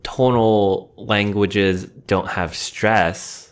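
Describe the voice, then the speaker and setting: A man's voice: fairly low pitch, steady tone, very slow, clear, resonant tone. A man co-hosting a podcast in casual chat, with wry, joking banter. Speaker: podcast co-host.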